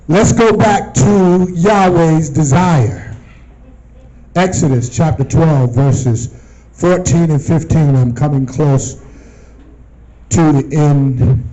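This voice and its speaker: A man teaching from scripture to a group, often pausing to ask them questions and repeating phrases for them to answer. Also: fairly high pitch, dark tone, lo-fi sound. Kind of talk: call-and-response Bible teaching.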